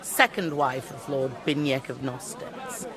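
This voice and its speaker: An actress playing a sharp-tongued medieval noblewoman, speaking in an arch, teasing manner. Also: a bass voice, measured pace, a crowd in the background. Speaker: noblewoman at a feast. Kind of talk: video game voice acting.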